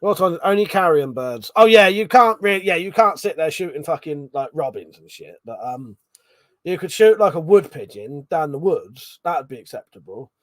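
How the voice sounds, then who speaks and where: A man's voice: on the high side, animated, moderate pace, fairly bright tone, dry recording, studio quality. Tipsy, swearing British man on a livestream. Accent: British English. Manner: swears casually, laughs often, reads chat comments aloud. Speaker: livestream host. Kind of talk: casual drunk livestream chat.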